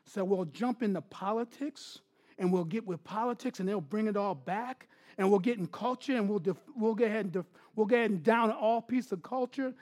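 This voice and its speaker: A man preaching a sermon as pastor, dropping to hushed asides and then building to loud, emphatic bursts. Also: high-pitched, brisk.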